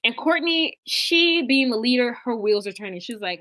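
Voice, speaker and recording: Speaking at a normal speed in a voice on the high side, she co-hosts a podcast and casually goes over a film, lively as she performs the characters' dialogue. The recording has no echo.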